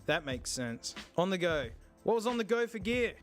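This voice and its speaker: A man hosting a tech channel, chatting casually and joking with quick bursts of laughter. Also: high voice, big pitch swings, soft background music. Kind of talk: casual chat.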